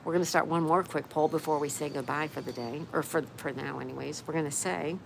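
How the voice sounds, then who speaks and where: A woman's voice: sits low, steady tone, quick pace, gravelly, background noise. Upbeat woman on an outdoor live stream. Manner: upbeat, reads out viewer comments. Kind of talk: casual chat reading live comments. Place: outdoor patio by a canal.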